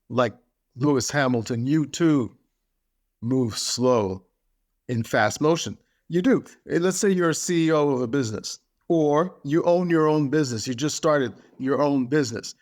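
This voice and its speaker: A man giving a motivational podcast talk, speaking emphatically and driving his points home through repetition. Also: a little high.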